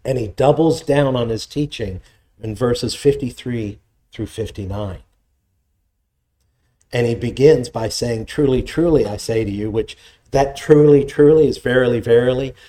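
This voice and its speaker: A man's voice: mid-range voice, a little slow, mellow. A middle-aged male pastor preaching a sermon, reading scripture aloud and explaining it with conversational asides.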